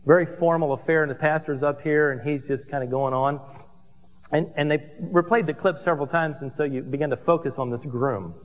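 A pastor preaching a sermon, telling stories with asides and humor. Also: male voice, fairly high pitch, fairly quick. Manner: animated storytelling with asides and humor. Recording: dull reverberant hall recording.

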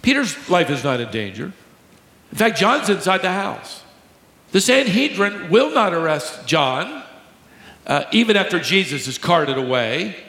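A man preaching a sermon to a congregation, teaching emphatically, slowing down to stress key words and joking with the crowd. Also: high-pitched, sing-song, bright, forceful tone. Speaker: pastor. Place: large church hall with a live congregation. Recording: echoey hall, long reverb.

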